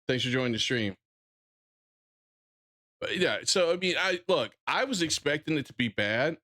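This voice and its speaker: A man's voice: medium pitch, fairly bright tone. A man with a Southern drawl ranting bluntly on a casual livestream, swearing freely and often restarting his sentences. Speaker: streamer.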